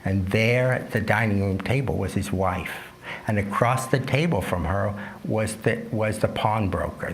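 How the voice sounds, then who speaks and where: A man telling a folk tale at an unhurried pace during a dharma talk at a retreat center. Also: on the low side, gravelly, a little hiss or hum. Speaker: yoga and dharma teacher.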